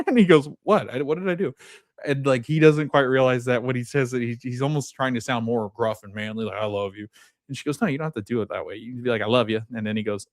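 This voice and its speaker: A young man giving a casual, animated recap of a TV episode as a podcast host, laughing often and acting out lines. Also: on the low side, dry recording, studio quality.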